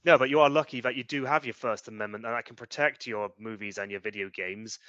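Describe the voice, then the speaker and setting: A man's voice: fairly low pitch, fairly even intonation, quick pace, fairly bright tone, dry recording, dull audio. A British man co-hosting a casual chat show, ranting in an opinionated way with British slang. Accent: British English. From Britain. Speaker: podcast co-host.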